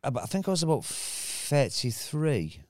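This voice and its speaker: A man's voice: fairly high pitch, very animated, moderate pace, no echo, clean studio sound. A man, a guest comedian telling rambling stories in casual podcast chat and acting out the other people in them. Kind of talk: casual storytelling.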